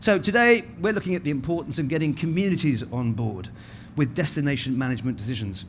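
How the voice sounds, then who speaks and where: A man's voice: fairly high pitch, lively intonation, quick pace, a little hiss or hum. Chatty middle-aged male event host. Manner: chatty and self-mocking, laughs often. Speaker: master of ceremonies. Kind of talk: conference welcome speech. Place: large conference hall.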